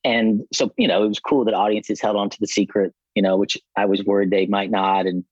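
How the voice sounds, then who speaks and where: A man guesting on a podcast as a film director, telling relaxed, reflective stories. His voice is on the low side for a man. The recording is dry and a little dull and lo-fi. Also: a little fast, dry recording. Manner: relaxed, reflective, many fillers. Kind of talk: casual interview chat.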